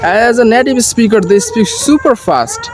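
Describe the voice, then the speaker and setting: A young Bangladeshi man with a Bangladeshi accent, walking and vlogging by paddy fields, speaking earnest, halting English as a learner. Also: very high voice, very animated, music in the background. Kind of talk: casual walking vlog. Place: outdoors by paddy fields and a canal. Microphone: phone on a selfie stick. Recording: noisy outdoor phone recording.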